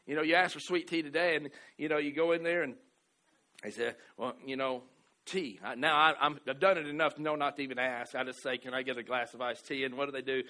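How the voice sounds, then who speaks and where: A middle-aged man from the American South preaching a sermon, telling a story with many restarts and repeated words, swinging from loud exclamations to soft asides. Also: mid-range voice, steady tone, fast. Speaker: pastor.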